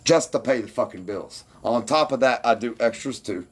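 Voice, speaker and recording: A man's voice: medium pitch, animated, moderate pace, husky. A man ranting defensively and with heavy profanity at his livestream commenters.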